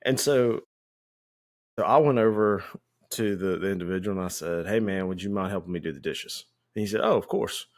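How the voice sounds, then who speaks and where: A man co-hosting a podcast, casually telling a firehouse story in a relaxed, anecdotal way and acting out the lines of the people in it. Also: low voice, fairly quick. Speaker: podcast co-host; firefighter.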